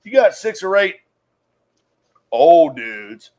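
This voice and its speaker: A man with a notably high voice tells a long story in loose, casual talk. He swears freely and throws himself into the telling. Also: slow. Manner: profane, animated yarn-spinner. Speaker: podcast host.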